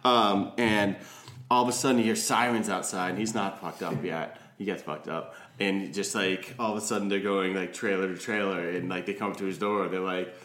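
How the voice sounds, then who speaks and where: A man's voice: low-pitched, fairly even intonation, moderate pace, fairly bright tone, reverberant. A man hosting a podcast, telling a story in casual chat and laughing often. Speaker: podcast host.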